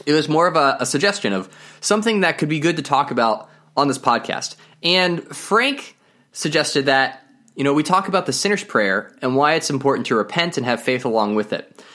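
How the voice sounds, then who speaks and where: A man's voice: fairly high pitch, pushed and bright. Upbeat chatty man hosting a podcast. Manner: upbeat, chatty, laughs easily. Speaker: podcast host and Bible teacher. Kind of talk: casual podcast talk.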